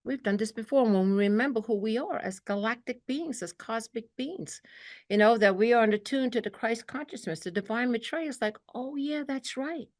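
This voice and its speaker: A woman's voice: fairly high pitch, brisk. A woman from New York with a Brooklyn accent, giving an earnest spiritual talk to a group and often checking in with "okay". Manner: earnest, peppers talk with "okay", acts out quotes. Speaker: spiritual teacher.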